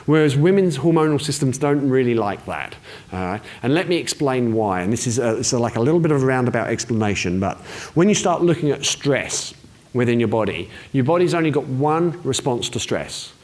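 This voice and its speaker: A man's voice: mid-range voice, expressive, brisk, a little mellow. A man giving casual explanatory health advice to camera, chatty, with frequent restarts and check-in questions. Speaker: wellness presenter.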